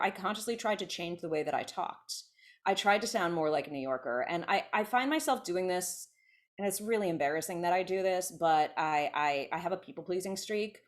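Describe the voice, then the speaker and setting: A woman's voice: on the low side, lively intonation, normal speed. A woman from California in her thirties, a podcast guest chatting casually and often restarting her sentences. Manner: chatty, self-interrupting, many restarts. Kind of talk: casual conversation.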